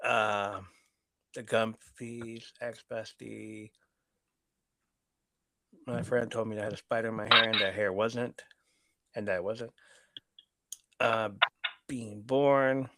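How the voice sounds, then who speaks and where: A man's voice: on the low side, steady tone, slow pace, pauses often, background noise. A man hosting a live podcast, casually reading viewer messages aloud and laughing often. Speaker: podcast host reading chat. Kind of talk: casual live-stream chat.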